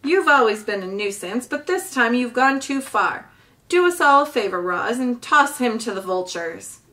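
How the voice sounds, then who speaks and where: A woman's voice: a little high, expressive, a little slow, bright, forceful tone. Woman doing a scolding mother beaver.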